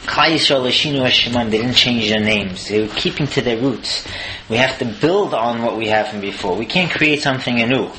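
A man's voice: medium pitch, brisk, noisy background. A man giving a Torah lesson, explaining in an earnest way and asking rhetorical questions. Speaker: Torah teacher.

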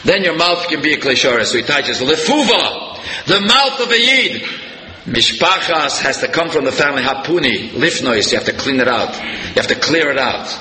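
A man giving a sermon-style Torah lecture, telling stories and jumping up in pitch for emphasis. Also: brisk, few pauses. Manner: animated storyteller, voice leaping up for emphasis. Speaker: rabbi giving a Torah class. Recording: echoey hall, faint room noise.

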